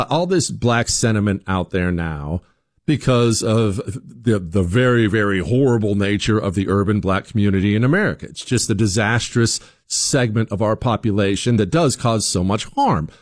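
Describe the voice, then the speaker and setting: Animated male commentator, dry close sound. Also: fairly low pitch, normal speed, no echo. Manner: emphatic, animated, rhetorical questions, acts out quoted voices; frequent restarts and repeated words. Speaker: political commentator host. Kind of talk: opinion commentary monologue.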